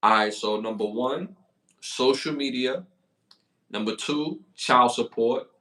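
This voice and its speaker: A man with a Brooklyn accent co-hosting a hip-hop podcast, hyping up the chat with slangy shout-outs in casual talk. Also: mid-range voice, slow. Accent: Brooklyn, New York. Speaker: podcast co-host.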